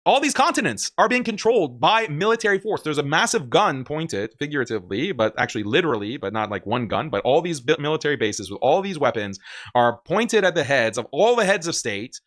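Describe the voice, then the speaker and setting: A man talks through clips on a stream in casual, argumentative commentary. He is emphatic and laughs often, with a fairly high voice. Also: big pitch swings, a little fast, a bit bright.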